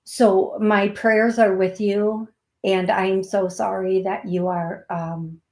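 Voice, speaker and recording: A woman with an Upper Midwest accent hosting a call-in psychic show, calling people love in a soothing, unhurried way. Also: mid-range voice, level tone, echoey room. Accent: Upper Midwest American. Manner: warm, calls people love, slow and soothing; laughs at herself, gets giggly. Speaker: psychic medium host.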